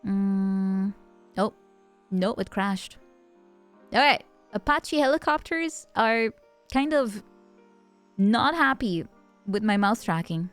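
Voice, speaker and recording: A woman's voice: mid-range voice, lively intonation, slow, pauses often, clear, resonant tone, soft background music. A woman streamer chatting casually with her viewers, laughing often and greeting them by name. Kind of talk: casual livestream chat.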